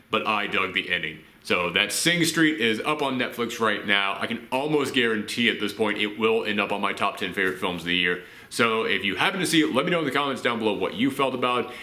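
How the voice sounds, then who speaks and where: A man giving a casual spoken film review, chatty and full of "uh" fillers. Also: on the low side. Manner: chatty, frequent "uh" fillers, lively asides. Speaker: movie reviewer. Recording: echoey room.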